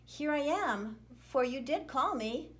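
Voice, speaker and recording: A woman's voice: high voice, expressive, slow pace, fairly bright tone, pitched above the performer's own voice, heavily acted. A woman voicing an eager, earnest young boy as she reads a children's Bible story aloud.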